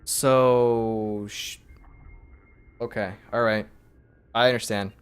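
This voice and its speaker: A man's voice: on the low side, steady tone, takes it slowly, clean tone. Man casually reading game text aloud. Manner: casual, reads in his own voice with asides. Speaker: streamer.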